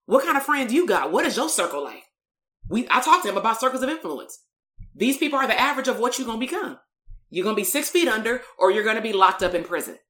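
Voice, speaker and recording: A woman's voice: fairly high pitch, expressive, fast, fairly bright tone, roomy sound. A woman, a coach and therapist telling a story in a blunt, emphatic live-streamed motivational talk.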